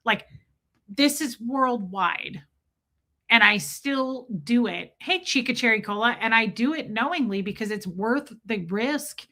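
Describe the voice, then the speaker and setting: Woman, middle-aged, livestream host, chatty, confiding, bright tone. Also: fairly high pitch, animated, a little slow. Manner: chatty and confiding, greets viewers by name. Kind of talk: casual livestream chat.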